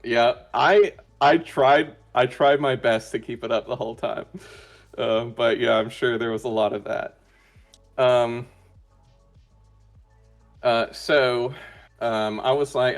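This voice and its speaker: A man's voice: mid-range voice, fairly even intonation, slow, long pauses, faint music behind. A man being interviewed as a guest in casual chat, talking hesitantly with many fillers and restarts. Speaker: interview guest, roleplay player.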